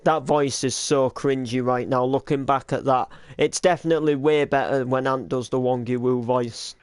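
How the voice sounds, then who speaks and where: A man's voice: mid-range voice, fairly even intonation, moderate pace, smooth. A young British man hosting a casual reaction to his old videos, rambling with lots of likes and restarts.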